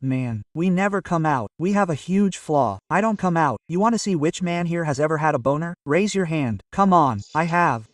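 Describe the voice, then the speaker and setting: A man doing a stand-up routine, telling a story and bantering with the crowd in a loud, animated way. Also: fairly high pitch, no room sound, recorded from a distance. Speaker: stand-up comedian. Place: comedy stage before a live audience.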